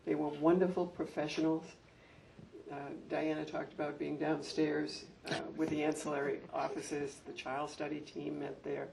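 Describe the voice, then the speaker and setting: An older man recalls his years running a school, telling heartfelt stories that turn animated when he acts out an anecdote. His voice is gravelly and sits a bit high. He is recorded from a distance, with a faint hum in the background. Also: moderate pace. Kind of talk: reminiscing talk at a public event. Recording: distant mic with faint room noise.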